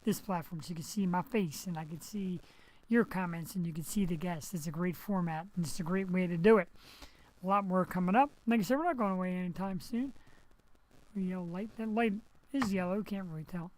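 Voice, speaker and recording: A man's voice: high-pitched, a little fast, low-quality recording. A man hosting a live web show from home, chatting casually and rambling through jokey asides while recovering from surgery, on a headset mic. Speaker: host. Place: home setup, streaming.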